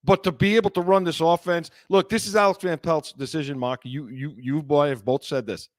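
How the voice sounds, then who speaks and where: A man's voice: fairly high pitch, steady tone, a little fast, no echo, clean studio sound. A man co-hosting a casual sports talk show, blunt and stammering, repeating words when heated. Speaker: co-host.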